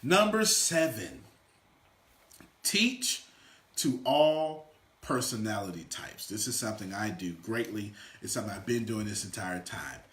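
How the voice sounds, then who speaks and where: Male motivational coach, animated and bright, lively pitch, echoey room. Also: unhurried. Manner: animated, swings from loud shouts to quiet asides. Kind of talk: energetic motivational teaching. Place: room with a small live audience.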